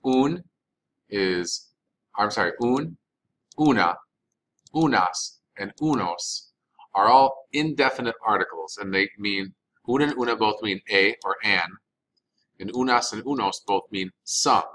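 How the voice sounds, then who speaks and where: A man's voice: lowish voice, expressive, measured pace, long pauses, fairly bright tone, poor audio. A man, recording a Spanish vocabulary lesson as the teacher, patiently saying each word and repeating it for practice.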